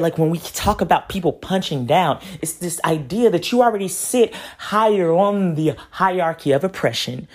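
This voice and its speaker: A man delivering an angry, profane monologue straight at someone, often ending his points with "right?" and swinging from loud outbursts to low, hushed lines. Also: fairly quick, few pauses. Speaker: commentator. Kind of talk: heated monologue addressed to a comedian.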